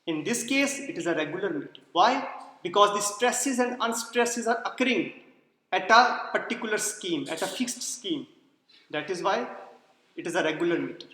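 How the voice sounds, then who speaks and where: A man's voice: high-pitched, expressive, normal speed, pushed and bright. A man giving a lecture, explaining step by step and posing questions to the class before answering them himself. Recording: echoey roomy hall sound.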